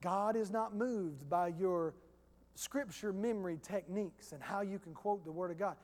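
A man's voice: sits high, normal speed, darkish tone, big-room sound. A male pastor preaching a sermon in a church, emphatic and repetitive, talking to the congregation in a conversational way.

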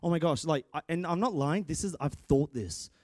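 A young man preaching a sermon in an animated, excitable way, with many restarts and sudden shouts. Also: on the high side, moderate pace, no echo, clean studio sound. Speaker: preacher and church guitarist. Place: church.

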